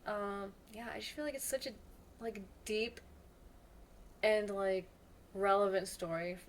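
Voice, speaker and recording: A woman's voice: medium pitch, unhurried. A woman hosts a podcast from home, speaking in a mid-range voice. She chats enthusiastically and fills her sentences with little fillers. Faint noise sits behind her voice. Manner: chatty, filler-heavy, enthusiastic. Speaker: podcast host. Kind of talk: casual conversation.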